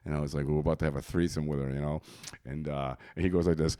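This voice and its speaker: A man's voice: very deep voice, fairly even intonation, fast, dark tone. A man telling a long profane story in casual podcast chat, laughing often. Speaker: comedian guest.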